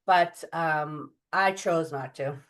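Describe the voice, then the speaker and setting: A middle-aged woman telling her story as an interview guest, chatty and animated, acting out the voices of people she quotes. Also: low voice, slow. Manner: chatty, many fillers and restarts. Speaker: guest medium.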